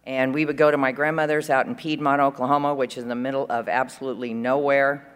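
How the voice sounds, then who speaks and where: A woman's voice: extremely low pitch, flat delivery, fast talker, clear, resonant tone. A woman talks from a conference stage in a loose, rambling way, with plenty of fillers and fond asides. Her voice carries a long hall reverb, as if from a large conference room. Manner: chatty, rambling, fond, with frequent fillers and laughs. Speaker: conference speaker. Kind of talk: recovery share at a conference.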